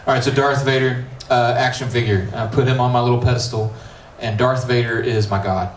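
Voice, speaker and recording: A middle school pastor with an American accent preaches a casual youth sermon, reading scripture and tossing in slangy jokes. His medium-pitched voice holds a steady tone at a slightly fast pace. The recording, made in a church youth room, is roomy and distant with faint hiss.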